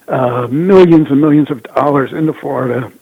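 A guest commentator joins by phone, his husky voice coming through a thin, tinny line. He talks in a measured, hesitant way, full of fillers. The sound is dry with no room around it. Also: medium pitch, no room sound. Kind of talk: casual political talk.

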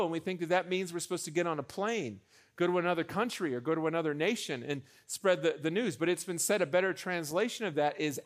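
High-voiced animated man preaching. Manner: animated, joking asides, repeats phrases for emphasis. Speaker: pastor. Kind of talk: sermon.

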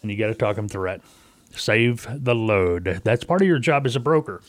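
A man's voice: fairly low pitch, lively intonation, moderate pace, dry recording. Folksy man hosting a talk radio show. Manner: folksy, storytelling, acts out callers in quotes. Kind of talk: casual talk radio monologue.

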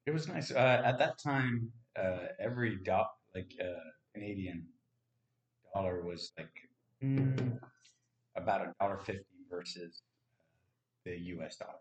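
A man's voice: on the low side, expressive, measured pace, a crowd in the background. A man chatting casually as a podcast co-host, easygoing and trailing off mid-thought. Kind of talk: casual chat. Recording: roomy echo.

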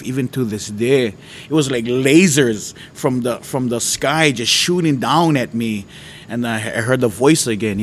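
Man, mid-pitched, earnest storyteller sharing a faith testimony. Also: slight background noise. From Hawaii.

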